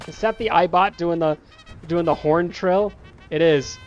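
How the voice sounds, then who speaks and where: A man's voice: fairly high pitch, unhurried, dull audio, soft background music. Playful man scolding game characters. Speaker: gameplay streamer. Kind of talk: casual let's-play commentary.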